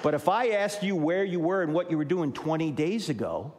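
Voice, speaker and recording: Fairly quick and on the high side, this voice carries a long reverb tail. It belongs to a sixty-something New Jersey man giving a humorous Christian apologetics talk to a live audience, animatedly acting out the dialogue in his stories.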